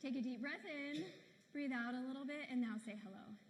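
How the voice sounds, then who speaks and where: A woman giving a motivational keynote speech from a conference stage, talking quickly and energetically as she coaches the audience. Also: high-pitched. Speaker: keynote speaker. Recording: reverberant hall with faint noise.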